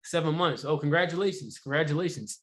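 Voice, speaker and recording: A man with a somewhat high voice leads a sales training session. His delivery is loose and chatty, full of "you know" and quick rhetorical check-ins with the group. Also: fairly bright tone. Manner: conversational, rhetorical questions, many "you know" fillers. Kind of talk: casual sales training talk.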